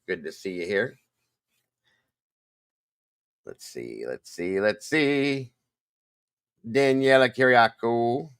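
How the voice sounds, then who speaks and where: A man's voice: sits low, fairly bright tone, no echo. An older man hosting a casual livestream, rambling and greeting viewers one by one by name. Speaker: livestream host.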